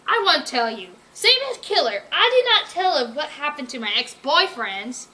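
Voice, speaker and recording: A woman's voice: high voice, big pitch swings, normal speed, sharp tone, pitched above the performer's own voice, full character voice, rough recording. A woman voicing a confident, knowing female dog who speaks cool and matter-of-fact with a teasing edge, in a storybook reading. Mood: sly.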